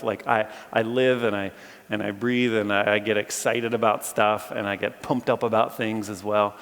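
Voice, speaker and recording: A man preaching a sermon to a live audience, telling a story with energy and bantering with listeners. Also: mid-range voice. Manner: animated storyteller, jokes with audience. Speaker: campus chapel speaker. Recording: long reverb of a large hall.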